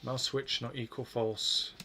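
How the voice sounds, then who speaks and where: Brief: male streamer, mid-pitched, rambly and sweary, self-mocking while coding. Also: level tone, a little slow, pushed and bright, a little hiss or hum.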